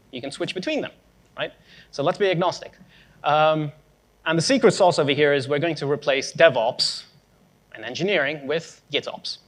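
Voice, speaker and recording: A man's voice: mid-range voice, a bit bright. A young man giving a conference tech talk, casual and sarcastic with joking asides. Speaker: conference speaker.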